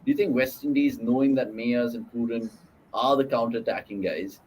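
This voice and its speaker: A man hosting a live cricket watchalong, reacting quickly to play and steering the talk between guests, with faint noise behind him. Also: mid-range voice, steady tone, a little mellow, poor audio. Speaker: host. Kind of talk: live match watchalong chat.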